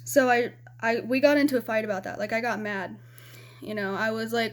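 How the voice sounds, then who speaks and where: A woman's voice: fairly high pitch, brisk. A young woman from Arizona telling a personal story to her camera in a rambling, frank way, swearing freely and filling gaps with "you know". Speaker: vlogger.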